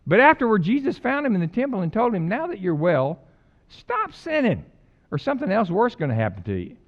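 A man's voice: high-pitched, sing-song, fast talker. Joking, fervent preacher man, slightly muffled. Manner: storytelling, joking, rising to fervent emphasis. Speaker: pastor. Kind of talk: conversational sermon.

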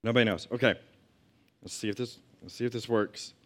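A man's voice: medium pitch, fairly even intonation, a little fast, a bit bright. A man teaching a Bible lesson to a group in a conversational way, reading scripture and adding asides and questions.

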